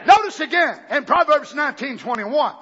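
A man preaching a fiery sermon, shouting fervently and then dropping to low, quiet asides. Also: animated, moderate pace, some chatter behind. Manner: shouts fervently, swings between loud bursts and low asides. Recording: dull lo-fi recording.

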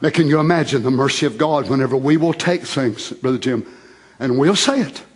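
A man preaching a fervent sermon, repeating phrases and rising to shouts. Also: mid-range voice, fairly quick, breathy edge.

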